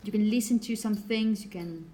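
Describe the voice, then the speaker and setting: A woman's voice: medium pitch, moderate pace, warm tone, a little hiss or hum. A woman teaching a phonetics class in a classroom, chatty and apologetic, putting questions to her students. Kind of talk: classroom lecture.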